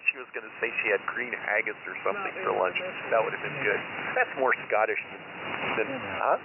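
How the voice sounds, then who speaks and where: A man's voice: lowish voice, very animated, normal speed. A man on a ham radio net, rambling about his gear in technical detail, chuckling to himself now and then. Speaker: amateur radio operator. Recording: tinny radio audio with loud static.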